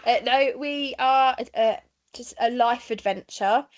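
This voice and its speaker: Essex woman in her thirties, bubbly podcast co-host, pitch a touch high, laughs a lot. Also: takes it slowly, dull audio. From Essex, England. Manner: bubbly, laughs often, chatty with fillers. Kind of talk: casual chat.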